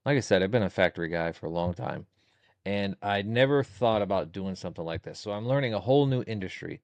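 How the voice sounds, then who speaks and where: A man in his forties speaks in a lowish voice as a guest on a casual podcast. He is plainspoken and repeats phrases while he works out what to say. The sound is dry and close, with no room around it. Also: expressive, fast, no room sound. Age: 40s.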